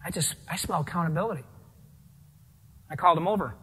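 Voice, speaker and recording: High bright guy telling a story on stage at a keynote, chatty, gets real quiet for the punchline. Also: fast talker, slightly rough. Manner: animated, conversational, drops to a near hush for punchlines. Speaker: keynote speaker. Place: large room with an audience.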